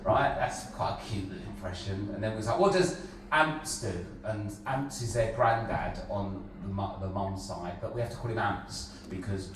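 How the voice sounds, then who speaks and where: A man's voice: lowish voice, moderate pace, a little hiss or hum. A middle-aged man doing stand-up, swearing freely and acting out his family. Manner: swearing, animated, acts out family members. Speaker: stand-up comedian. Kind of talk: stand-up comedy set. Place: comedy venue with live audience. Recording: echoey live venue from far off, loud crowd laughter.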